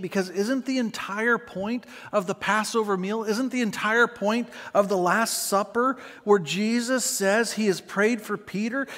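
A man preaching a sermon as pastor to a church congregation, animated and acting out scenes. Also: high voice. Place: church sanctuary. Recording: long reverb of a church hall.

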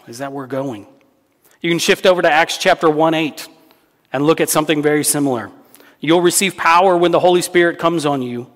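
A male pastor delivers a sermon in an earnest, emphatic way, circling back to key phrases for weight. His voice sits a little high for a man. The sound carries a long reverb from a large church hall.

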